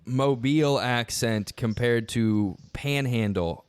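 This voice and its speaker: A man's voice: mid-range voice, slow, slight background noise. A man co-hosting a podcast, giving wry, laid-back commentary in casual chat. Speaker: podcast co-host.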